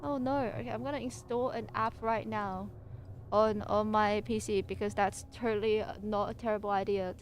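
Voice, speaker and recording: A woman's voice: medium pitch, normal speed, slight background noise. A woman livestreaming, chatting in a playful, rambling and silly way between reading passages from her home PC setup. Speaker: VTuber streamer.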